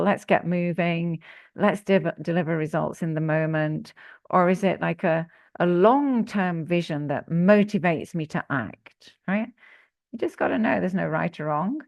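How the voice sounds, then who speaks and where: A woman executive coach giving an interactive workshop talk, asking her audience questions in an animated way. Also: lowish voice, vocal fry, no echo, studio quality.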